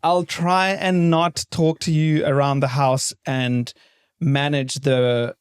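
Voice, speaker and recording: A man's voice: a little high, level tone, slow pace, clean tone. A man from South Africa with a light South African accent and a British twang, co-hosting a casual chat with dry humor. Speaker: podcast co-host.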